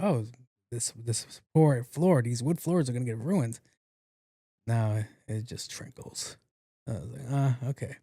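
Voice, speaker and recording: A man's voice: mid-range voice, slightly rough, no echo, studio quality. Profane man telling a story. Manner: animated, profane, acts out quotes. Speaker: podcast host. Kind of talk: casual storytelling monologue.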